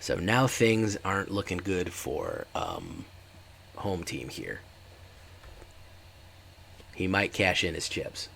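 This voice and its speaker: Deep lively guy streaming a card game, gravelly voice, chatting with his chat. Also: slow pace, long pauses, a little hiss or hum. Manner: chatty, talks to live chat. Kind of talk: casual gameplay commentary.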